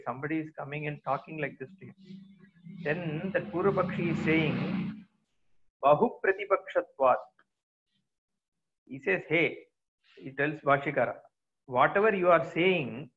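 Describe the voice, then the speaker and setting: A male teacher explaining a Sanskrit scripture line by line in plain English, often checking with his students. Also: fairly high pitch. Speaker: Vedanta teacher. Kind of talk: scriptural commentary lecture. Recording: phone-like narrow sound.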